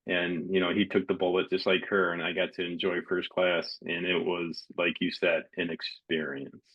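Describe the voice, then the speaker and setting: A man with a low, husky voice hosts a relaxed interview. He tells stories with animation and acts out the people in them. The audio sounds a little dull and lo-fi. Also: normal speed. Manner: animated storyteller, acts out quotes. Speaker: podcast host. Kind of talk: casual interview chat.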